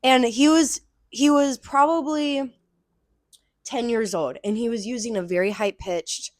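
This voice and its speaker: A woman's voice: a little slow, no echo. Young woman, chatty cohost, dry close mic, acts out customers in funny voices. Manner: animated storytelling, acts out customers in high voices. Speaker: podcast co-host. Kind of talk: casual chat.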